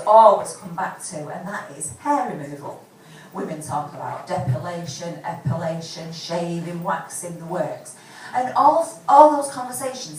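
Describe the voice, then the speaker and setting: A woman in her forties rambles through a self-deprecating stand-up set, swearing freely and losing her thread. Her voice leaps up and down expressively. It is caught from a distance in a very reverberant pub room with steady background noise. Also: lowish voice. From England. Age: 40s. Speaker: stand-up comedian. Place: pub comedy gig with live audience. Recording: roomy distant live recording with background noise.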